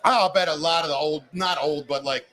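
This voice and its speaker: A middle-aged man hosting a casual talk show, an animated storyteller who cusses freely and acts out the people he quotes. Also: fairly high pitch, moderate pace. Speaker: podcast host. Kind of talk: casual chat. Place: live broadcast at a bar. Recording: noisy bar with crowd.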